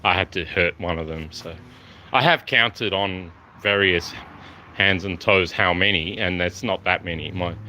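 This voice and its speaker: A man's voice: deep voice, unhurried, pushed and bright, a little hiss or hum. A man talking to camera in a rambling monologue, offhand and jumping from topic to topic. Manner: meandering, offhand, jumps between topics.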